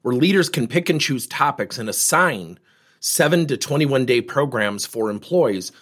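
A man's voice: mid-range voice, animated, moderate pace, a bit bright, breathy edge, dry recording, studio quality. A man hosting a coaching podcast, telling a story and acting out the dialogue.

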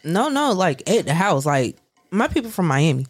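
A woman from Florida co-hosting a casual comedy podcast, answering in a relaxed, easygoing way. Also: on the low side, normal speed, husky, faint music behind. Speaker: podcast co-host.

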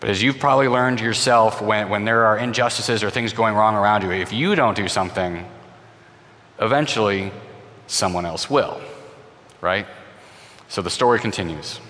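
Expressive man retelling a Bible story. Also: lowish voice, moderate pace, long pauses. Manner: expressive, voices the characters, repeats words when restarting. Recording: long hall reverb.

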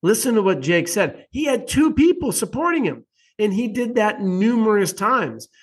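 A man hosting a casual interview, talking bluntly and swearing freely. His voice sits a little high. He keeps slipping into mocking quotes of other people to press his point. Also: normal speed, husky. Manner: blunt, profane and animated, jumps into mock quotes. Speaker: podcast host.

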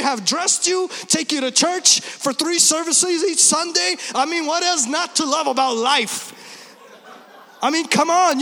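Preaching on Easter, a thirty-something pastor speaks in a bright, forceful voice that sits unusually high for a man. Emphatic points give way to brief jokes on the side, and his words echo with long reverb through a big church hall.

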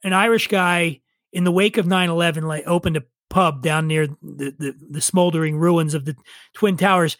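A man's voice: fairly high pitch, fairly even intonation, moderate pace, fairly bright tone, dry recording. A man in his forties, a podcast guest, telling a rambling story with profane, wry asides. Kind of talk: casual storytelling chat.

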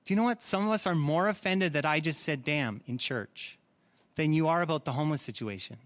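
Earnest high-voiced pastor preaching. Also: male voice, brisk, fairly bright tone. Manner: earnest preaching with rhetorical questions. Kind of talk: sermon. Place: church.

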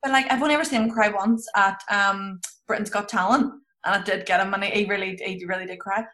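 A woman's voice: medium pitch, steady tone, fast, fairly bright tone. Female podcast guest, mid-range voice, chatty storyteller, laughs easily. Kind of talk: casual chat.

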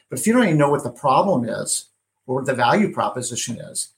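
A man's voice: mid-range voice, very animated, fast, vocal fry. A man hosting an interview, thinking aloud and building long questions with frequent restarts. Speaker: interview host. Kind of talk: conversational interview.

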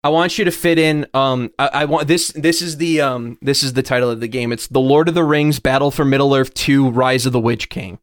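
A man co-hosting a podcast in casual chat, excitable and profane and laughing often. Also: medium pitch, fairly quick, hardly any pauses, no echo, studio quality. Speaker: podcast co-host.

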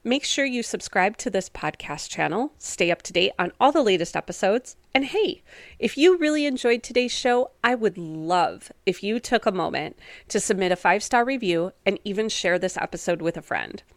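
A woman's voice: mid-range voice, animated, normal speed, no room sound. A woman hosting a solo wellness podcast, talking in an upbeat, encouraging, chatty way with casual fillers. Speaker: podcast host and wellness coach.

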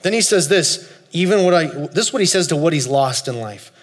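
A man in his forties preaching a sermon, telling a story with loud high bursts and soft low asides. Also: expressive, a little fast. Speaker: pastor. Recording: long hall reverb, faint music.

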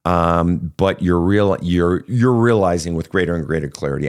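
A man with a very deep voice hosts a counseling podcast. He talks to his caller in an earnest, frank way and lets a curse slip now and then. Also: moderate pace, few pauses. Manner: frank, earnest, profane at times. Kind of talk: counseling call-in talk.

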